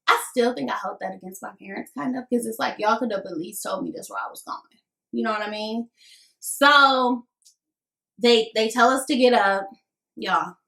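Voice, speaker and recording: A woman in her twenties telling a casual storytime vlog, chatty and animated, talking straight to viewers. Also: fairly high pitch, moderate pace, vocal fry, pauses often. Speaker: vlogger. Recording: echoey room.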